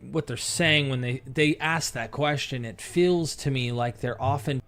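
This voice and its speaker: A man's voice: mid-range voice, measured pace, fairly bright tone, soft background music. A man commenting reflectively, thinking aloud on a podcast clip played back on a stream. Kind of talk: casual commentary.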